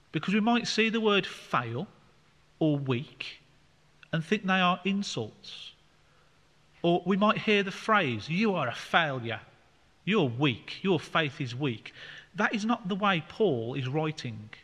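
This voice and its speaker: A man's voice: fairly high pitch, pushed and bright. A man leading a Bible study, explaining scripture in a conversational way with fillers. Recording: long hall reverb.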